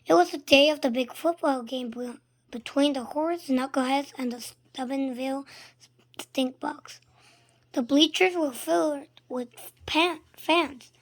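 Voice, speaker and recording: A woman reading a children's book aloud, expressive and sometimes dropping to a hush. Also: high voice, measured pace. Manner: expressive, shifting between loud and hushed. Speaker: storybook reader.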